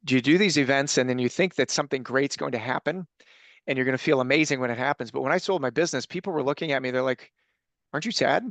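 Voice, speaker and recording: A man's voice: mid-range voice, dry recording. A man as a podcast guest, talking casually and telling his story in an earnest, reflective way. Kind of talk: casual conversation.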